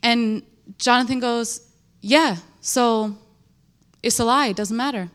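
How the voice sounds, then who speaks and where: A young woman shares her testimony in an emotional, animated way, leaning on emphatic repetition as she tells her story. Her voice sits a little high for a woman. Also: slow, clear, resonant tone. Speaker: speaker sharing a testimony. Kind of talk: testimony in church.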